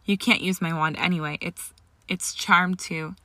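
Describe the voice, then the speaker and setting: A woman's voice: fairly low pitch, steady tone, moderate pace, sharp tone, dry recording. A woman voicing a tearful, defiant young witch who pleads in a shaky voice.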